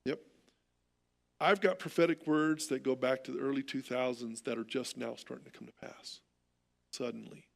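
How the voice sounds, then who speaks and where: A middle-aged American man preaching a sermon as pastor, telling stories in an animated way and often repeating words. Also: mid-range voice, normal speed, gravelly.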